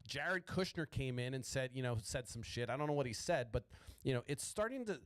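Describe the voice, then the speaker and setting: A man's voice: medium pitch, animated, a little fast, no echo. A man hosting a podcast, ranting about politics in a profane, rambling way and stuttering often. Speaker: podcast host.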